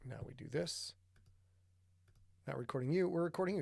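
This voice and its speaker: A man's voice: on the high side, brisk, gravelly, pauses often, a little mellow, no room sound, studio quality. A man hosting a casual livestream, chatty, greeting viewers by name and muttering to himself while he sets up. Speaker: podcast host.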